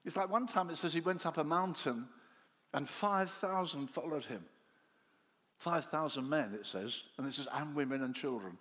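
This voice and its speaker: Animated man preaching in a hall. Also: moderate pace. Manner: animated storytelling, acts out the disciples' voices; drops to soft low tones for quiet lines. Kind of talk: sermon. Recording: long hall reverb.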